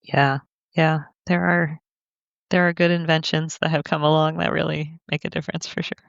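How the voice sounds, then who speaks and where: Candid woman guest, gravelly and dull-sounding. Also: sits low, little pitch movement, normal speed, no echo. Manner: candid, laughs easily, acts out quoted remarks. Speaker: guest author. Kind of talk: reflective podcast conversation.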